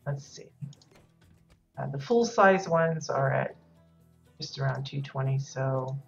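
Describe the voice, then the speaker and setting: A woman's voice: rumbling low, slow pace, gravelly. A woman streamer chatting casually as she decorates in a game, rambling and hesitant with many fillers, her voice a little worn. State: losing her voice. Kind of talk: casual live-stream commentary. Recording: dull lo-fi stream audio with music.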